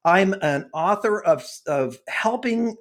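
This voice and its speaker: Guy in his 60s getting all fired up in an interview, kinda preachy, pretty high voice. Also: expressive, takes it slowly, a bit bright. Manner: impassioned, preachy, gets worked up. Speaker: guest author and consultant. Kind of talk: earnest interview talk.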